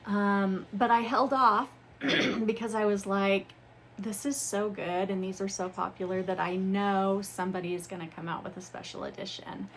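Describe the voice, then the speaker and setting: A young adult woman hosting a book channel, chatting casually and gushing with excitement as she unboxes books at home. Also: mid-range voice, normal speed, slight background noise. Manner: gushing, excited, calls viewers "you guys". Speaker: booktube host. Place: home room with ring light.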